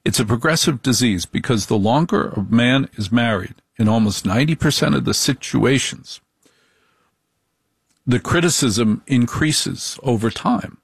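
A middle-aged man giving a comic monologue in a deliberate, repetitive, wry way. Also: medium pitch, lively intonation, creaky, slightly rough, no echo, studio quality.

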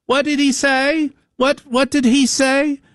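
A shrill, nagging middle-aged wife , put on by a man, pitched well above his own voice and firing one accusing question after another. The sound is dry and close. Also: flat delivery, slow pace, fairly bright tone, no echo, exaggerated voice. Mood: suspicious.

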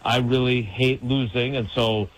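A man's voice: medium pitch, steady tone, unhurried, low-quality recording. Rambling middle-aged man calling in. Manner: rambling, self-mocking, joking. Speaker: radio show caller. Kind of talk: casual call-in chat. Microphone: phone hotline.

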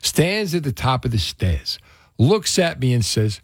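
A man hosting a morning radio show, telling stories with lively acted-out quotes. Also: mid-range voice, unhurried, creaky, slightly rough, no echo, clean studio sound. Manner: animated storyteller, acts out quotes. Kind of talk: casual morning radio banter.

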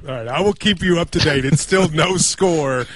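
A man in his forties hosting a sports radio show in casual banter, chatty and quick to laugh at himself. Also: on the high side, no room sound.

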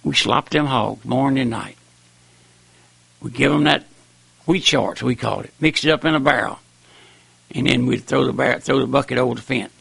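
Gravelly old country preacher. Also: male voice, medium pitch, normal speed, pauses often, a bit bright, no room sound. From raised on a farm. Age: older. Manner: folksy, rambling, preaching with rising and falling emphasis. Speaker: preacher on radio. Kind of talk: sermon.

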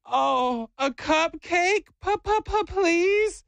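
A shy little boy, as a man puts him on stammers and pleads in a high, small voice. The voice sits dry and close to the mic. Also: expressive, very slow, creaky, fairly bright tone, no echo, exaggerated voice. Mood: pleading.

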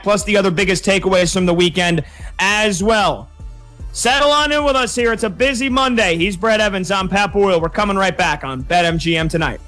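Upbeat high-voiced radio host. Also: male voice, a bit bright. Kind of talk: sports betting radio talk.

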